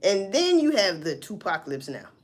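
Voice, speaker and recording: A woman vlogger talking through a news story in casual, profane, animated commentary, often answering her own questions. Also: medium pitch, moderate pace. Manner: profane, animated, talks back to herself.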